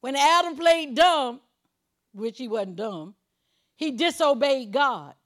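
High-pitched lady preaching, emphatic, goes loud then drops to quiet asides, chatty with the congregation. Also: expressive, slow. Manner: emphatic preaching, swings between loud declarations and low asides; chuckles while preaching, conversational. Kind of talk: sermon.

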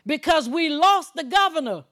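A woman preaching a sermon in an emphatic, conversational way, moving between loud declarations and quiet asides. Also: sits high, expressive, moderate pace. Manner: chuckles while preaching, conversational.

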